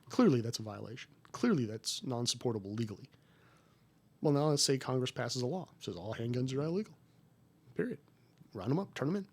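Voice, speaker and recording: A man in his forties tells stories from his years as a federal agent, speaking as a guest on a podcast. His voice is husky at a middle pitch, and his delivery is folksy and emphatic, turning animated when he acts out exchanges. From United States. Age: 40s. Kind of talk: conversational interview storytelling.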